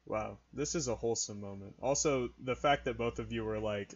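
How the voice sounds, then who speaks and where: A man's voice: medium pitch, a little fast, hardly any pauses. A teenage boy co-hosting a casual podcast, teasing friends and rambling with lots of fillers. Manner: rambling, many "like"s, playful teasing. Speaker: podcast co-host asking questions. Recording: dull lo-fi mic.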